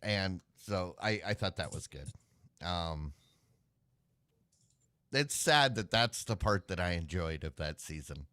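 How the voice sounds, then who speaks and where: A man's voice: sits low, lively intonation, slow, long pauses, bright, forceful tone, dry recording, studio quality. A man co-hosting a live web show, chatting casually and rambling with sighs and filler words. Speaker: podcast co-host. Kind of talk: casual chat.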